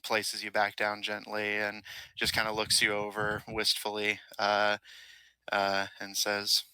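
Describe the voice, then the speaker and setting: Male game master, halting narration, low bright voice, clear. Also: completely flat delivery, rough recording. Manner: halting, filler-heavy narration.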